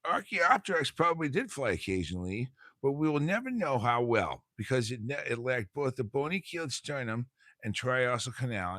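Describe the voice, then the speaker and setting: A man putting on the voice of a goofy middle-aged cartoon dad, loud and jokey, recorded on a phone. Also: medium pitch, dry recording, voice pushed up, lightly acted.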